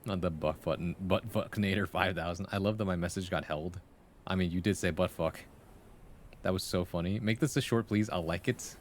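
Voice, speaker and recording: A man's voice: deep voice, fairly quick, a little hiss or hum. A man streaming live, chatting casually with viewers, swearing and joking and laughing often. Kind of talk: casual live-stream chat and improvised storytelling.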